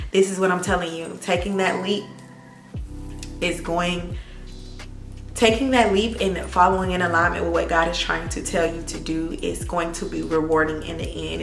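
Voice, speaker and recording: Woman vlogger, earnest, emphatic, slightly hoarse, roomy sound, faint music behind. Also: lowish voice, fairly bright tone. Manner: earnest, faith-filled, emphatic repetition. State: a little hoarse and emotional. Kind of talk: heartfelt storytime vlog.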